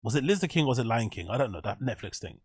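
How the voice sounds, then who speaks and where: A man's voice: mid-range voice, expressive, racing, husky, dry recording, studio quality. A man giving rambling, profane reaction commentary as host, laughing often.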